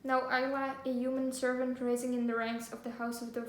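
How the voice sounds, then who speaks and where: Sitting high in pitch, her delivery is flat and fairly quick as she vlogs a casual book haul. She gushes, giggles, uses many fillers, and reads blurbs from the back covers. There's a little hiss or hum, plus an echoey room with faint ambience.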